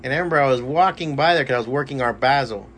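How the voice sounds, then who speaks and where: Animated man telling stories at a shop. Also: mid-range voice, very fast, noisy background. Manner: animated storyteller, swearing freely and acting out voices. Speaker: podcast host. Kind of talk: casual chat. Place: comic shop.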